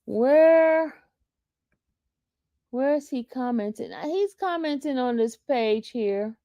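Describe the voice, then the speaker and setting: Female livestream host, gravelly, slow delivery, teasing chat. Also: high voice, lively intonation, warm tone, no echo. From New York. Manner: taunting, reading chat comments aloud.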